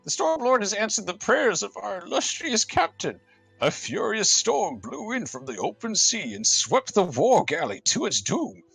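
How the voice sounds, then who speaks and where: A man doing a high, solemn old mage. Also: very animated, moderate pace, gravelly, a bit bright, husky, dry recording, faint music behind, heavily acted, low-quality recording. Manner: solemn old-man reading voice, higher than his own. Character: old male mage journal writer, grave and fretful.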